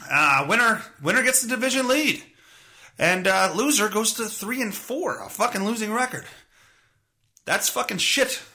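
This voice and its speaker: A man's voice: very high-pitched, bright, forceful tone. A man in his thirties hosting a solo podcast, rambling, sarcastic and full of swearing. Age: 30s. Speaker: podcast host. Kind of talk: casual solo podcast rant.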